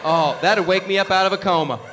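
A male stand-up comedian telling a story with lively, animated delivery and laughing asides. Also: sits high, brisk, background noise. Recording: live club recording.

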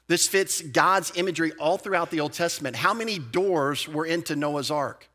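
A man preaching a sermon as pastor, in a lively, conversational way with casual asides. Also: a little high, moderate pace, few pauses. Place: church sanctuary.

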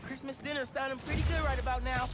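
A man's voice: very high voice, steady tone, quick pace. A man voicing a determined teenage superhero in a video game, earnest and focused. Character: young male superhero, determined teen. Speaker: game character. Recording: loud game music behind. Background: loud game soundtrack.

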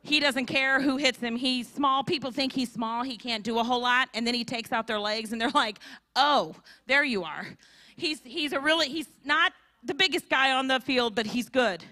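A woman's voice: high voice, moderate pace, hardly any pauses, dry recording. A woman, preaching at a women's conference and telling stories with acted-out voices. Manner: animated storytelling with acted-out voices. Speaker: conference speaker. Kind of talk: sermon.

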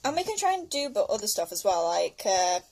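A woman's voice: medium pitch, very animated, fairly quick, a little mellow, slight background noise. A young woman hosting a casual gameplay chat, laughing often as she plays. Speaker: host.

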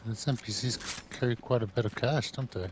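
A man streaming a shooter game in casual chat, excitable, yelping and swearing when surprised. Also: medium pitch, fairly quick. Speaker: gaming streamer. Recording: noisy game audio behind voice.

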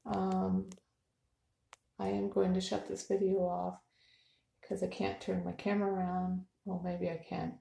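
Slow, gravelly woman vlogging at home. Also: medium pitch, flat delivery, mellow, roomy sound. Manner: chatty, slow and hesitant with many ums. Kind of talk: casual vlog. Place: home, early morning.

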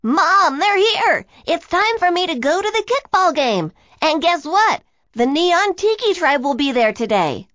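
A woman voicing an excited young boy in a children's storybook, shouting happily. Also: extremely high pitch, measured pace, no echo, studio quality, voice pushed up, exaggerated voice.

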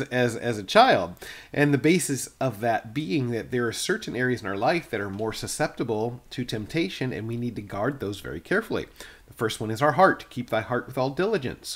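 A man's voice: medium pitch, lively intonation, brisk. A middle-aged male pastor giving a plain-spoken, earnest devotional sermon, often restarting his phrases.

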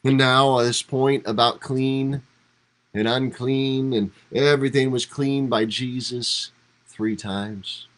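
Lower-voiced man preaching conversationally. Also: poor audio. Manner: conversational, animated, acts out quoted lines with rising emphasis. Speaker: pastor. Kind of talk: devotional Bible teaching. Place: church livestream.

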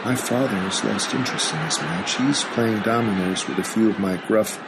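A man's voice: lowish voice, moderate pace, creaky. A man narrating a scripted memoir in a dry, wry storytelling manner. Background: guitar music.

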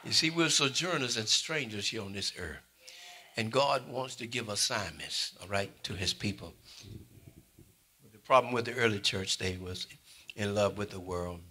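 Bright-voiced preacher calling out to his church. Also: lowish voice, normal speed, husky. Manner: impassioned preaching that swings between loud calls and quiet asides; calls out to the congregation. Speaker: pastor. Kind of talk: sermon.

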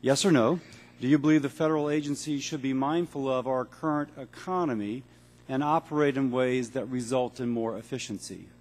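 Brisk man firing off hearing questions. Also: mid-range voice, a little mellow. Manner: brisk, auctioneer-like, blunt yes-or-no questioning. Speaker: congressman and physician questioning a witness. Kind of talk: rapid-fire hearing questions. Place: large hearing room.

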